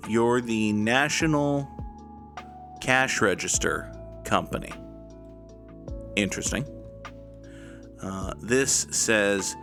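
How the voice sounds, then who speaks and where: A man's voice: on the low side, vocal fry, fairly bright tone. A man casually commenting while he plays a guessing game, rambling and joking to himself and swearing now and then. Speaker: gaming YouTuber.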